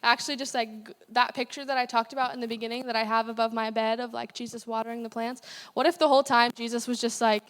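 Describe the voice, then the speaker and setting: A woman's voice: a little high, flat delivery, quick pace, hardly any pauses, fairly bright tone. A young woman giving a casual, chatty sermon as a guest speaker, with many fillers. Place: church hall. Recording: long hall reverb.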